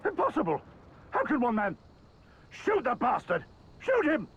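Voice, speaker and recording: A shrieking, furious imperial commander. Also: male voice, very high-pitched, wildly swooping pitch, unhurried, husky, lo-fi sound, full character voice. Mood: panicked. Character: furious imperial male commander barking orders. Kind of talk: video game voice acting. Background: game soundtrack music.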